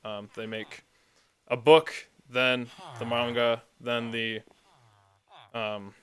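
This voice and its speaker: Rambling through tangents and leaning on lots of filler words, a man talks casually as he plays a building game. He speaks slowly in a level, mid-range voice that's fairly bright.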